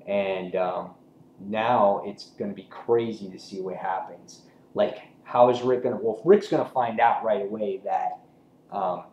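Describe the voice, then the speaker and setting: Dude rambling about a comic, mid-pitched voice, echoey room with a little hiss, gets all hyped and cusses. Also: male voice. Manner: rambling, excitable, profane, lots of "he's like". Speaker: comic book reviewer. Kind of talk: casual video review. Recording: echoey room with faint noise.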